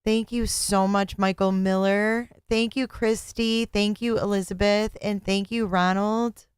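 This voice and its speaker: A woman's voice: medium pitch, fairly even intonation, unhurried, smooth, no echo, studio quality. A middle-aged woman hosting a casual livestream from home, chatting and thanking her viewers by name, speaking into a desk mic. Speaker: livestream host.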